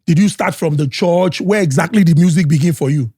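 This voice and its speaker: A man's voice: on the high side, brisk, mellow, husky, no echo, studio quality. A man with a Nigerian accent hosting a podcast interview, chatty, mixing Pidgin and English. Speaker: podcast host.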